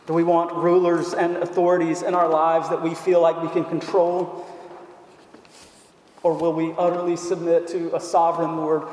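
A man's voice: on the high side, monotone, moderate pace, darkish tone. A man preaching a sermon in a church, who stresses his points by repeating phrases and asking rhetorical questions. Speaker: pastor. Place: church sanctuary. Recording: echoey hall with long reverb.

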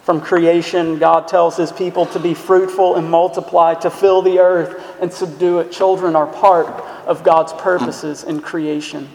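A man's voice: on the high side, level tone, unhurried, creaky, hardly any pauses, darkish tone, a little hiss or hum. A man preaching a sermon as a pastor, earnest and emphatic, asking the listeners questions. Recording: echoey hall sound.

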